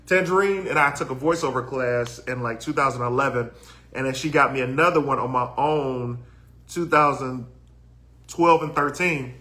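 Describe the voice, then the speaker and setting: A man's voice: medium pitch, moderate pace, bright, forceful tone. A man in his thirties from Detroit with a country twang, co-hosting a podcast in a laid-back, storytelling way. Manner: laid-back, storytelling, reads comments aloud. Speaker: podcast co-host. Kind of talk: casual chat, reading viewer comments.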